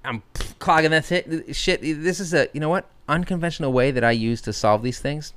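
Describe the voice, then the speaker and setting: A man's voice: fairly high pitch, normal speed, a bit bright, clean tone. A man hosting a podcast in casual chat, telling stories about himself with self-mockery and swearing, recorded in a hot, stuffy room. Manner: profane, self-deprecating storyteller. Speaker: podcast host.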